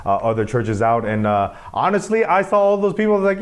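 A man's voice: fairly high pitch, very animated, fast talker, few pauses. Conversational male pastor preaching. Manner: conversational, self-deprecating, many restarts. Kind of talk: sermon.

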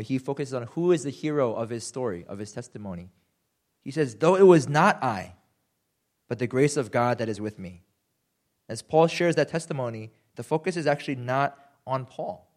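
A young man preaching a sermon, animated and self-deprecating, acting out quotes with sudden jumps in pitch. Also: moderate pace. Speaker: pastor.

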